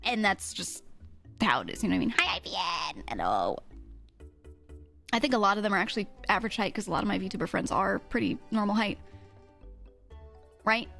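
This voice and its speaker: A woman streamer, chatting fast and casually with her chat, swearing freely and laughing often, in a mid-to-low register. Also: gravelly, fairly bright tone, faint music behind.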